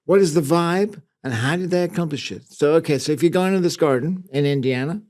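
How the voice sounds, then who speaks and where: A middle-aged man speaks with a slightly higher-pitched voice in loose podcast chat. He hunts for words and fills gaps with ums and uhs. His talk is playful and unhurried. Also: darkish tone. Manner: scatty, hesitant, full of ums. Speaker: podcast co-host. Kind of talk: casual banter.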